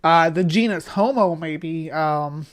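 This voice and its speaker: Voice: medium pitch, unhurried. Rambling livestream host commenting. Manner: rambling, corrects and qualifies points. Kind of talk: casual commentary reacting to a video.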